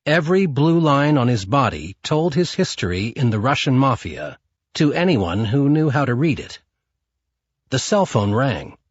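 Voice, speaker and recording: A man's voice: medium pitch, big pitch swings, moderate pace, slightly rough, dry recording, muffled recording. A man narrating a crime novel audiobook in a dramatic storytelling manner. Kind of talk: scripted narration.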